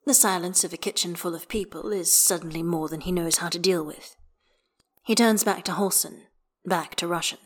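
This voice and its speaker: Low-voiced woman reading fiction aloud. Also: normal speed. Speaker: narrator.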